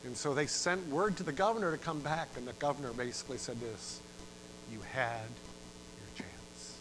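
A middle-aged man preaching a sermon, telling a story with dramatic rises in volume and sudden drops to a hush. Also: animated, quick pace, noisy background. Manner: dramatic, swells loud for emphasis and drops low. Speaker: pastor.

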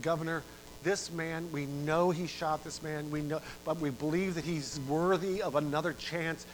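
A middle-aged man preaching a sermon, telling a story with dramatic rises in volume and sudden drops to a hush. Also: slight background noise, low-quality recording. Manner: dramatic, swells loud for emphasis and drops low. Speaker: pastor.

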